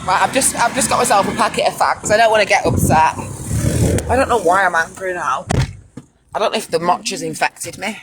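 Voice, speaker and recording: British male vlogger, slightly high voice, rambling restless self-talk, car noise behind. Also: a little fast. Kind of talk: casual vlog monologue. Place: parked car.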